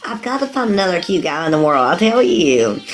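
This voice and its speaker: A woman's voice: lowish voice, big pitch swings, a little fast, faint music behind. Rambling woman in her forties. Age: 40s. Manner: rambling, calls viewers sweetie, laughs often. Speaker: livestreamer. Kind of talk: casual livestream chat with viewers.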